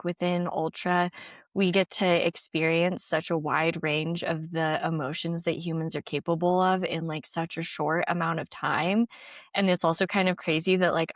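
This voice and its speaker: A woman's voice: lowish voice, no room sound, studio quality. A young woman, an ultrarunner, telling her race story in a casual interview, chatty with lots of "like" and frequent laughs. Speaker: ultrarunner guest.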